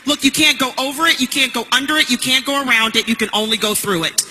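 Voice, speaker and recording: A woman giving a motivational stage speech as a network marketing speaker, emphatic and punchy, building to shouts. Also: high voice, fast talker, big-room sound, faint music behind, rough recording.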